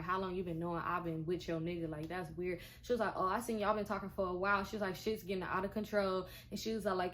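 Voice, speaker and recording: A young woman, telling a storytime in casual chat, animated and profane and acting out the dialogue. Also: mid-range voice. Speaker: vlogger.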